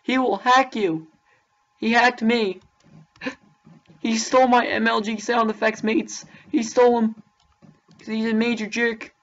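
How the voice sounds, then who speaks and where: A woman's voice: on the high side, fairly even intonation, a little slow, pauses often, dull audio. A young woman ranting to camera in mock outrage, calling her listeners mates. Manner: mock-outraged, repeats "mate". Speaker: youtuber. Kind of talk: comedic rant to camera.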